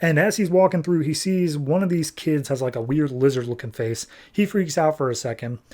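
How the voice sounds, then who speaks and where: A man on a podcast casually recapping a comic book, animated and nitpicky, tossing off quick character lines as he goes. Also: on the high side. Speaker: podcast host.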